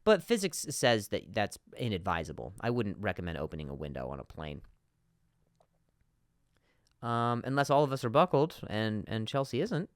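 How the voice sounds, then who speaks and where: A man hosting a comedy podcast, ranting in an animated monologue with frequent stutters and asides. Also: on the low side, moderate pace, clean tone, no room sound, clean studio sound.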